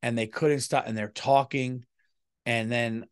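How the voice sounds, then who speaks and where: A man's voice: medium pitch, steady tone, a little slow, clean tone. A middle-aged man, a comedian hosting his own podcast, telling a story in a loose, rambling monologue, swearing freely and restarting sentences as he goes.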